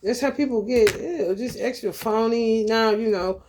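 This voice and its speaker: A woman's voice: on the high side, measured pace, a little mellow. Blunt, profane woman preaching casually. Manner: blunt, profane, streetwise talk; reads scripture aloud then riffs on it. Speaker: spiritual channel host. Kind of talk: casual spiritual monologue.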